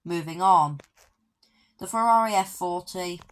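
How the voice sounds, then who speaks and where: A woman's voice: on the low side, a little slow, a little hiss or hum. A woman giving a casual walkthrough commentary of a video game, with dry, offhand joking asides. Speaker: gaming video creator.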